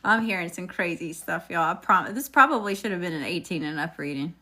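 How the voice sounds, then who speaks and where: Over heavy background noise, a tarot reader with a regional accent, left unnamed, speaks a little fast in a voice on the low side. She's reading cards live, greeting viewers cheerfully and chatting with them.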